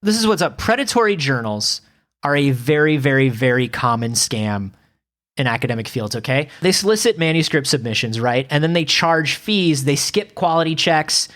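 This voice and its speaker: A man's voice: fairly high pitch, expressive, moderate pace, a bit bright. A man co-hosting a podcast in casual comedic chat, sarcastic and swearing casually. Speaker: podcast co-host.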